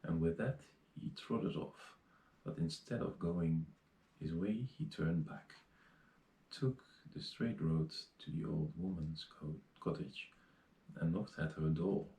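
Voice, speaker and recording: A man's voice: extremely low pitch, takes it slowly, creaky, warm tone, roomy sound, rough recording. A man with a Dutch accent reading a fairy tale aloud in English, plainly, with small slips and restarts. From Netherlands. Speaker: reader.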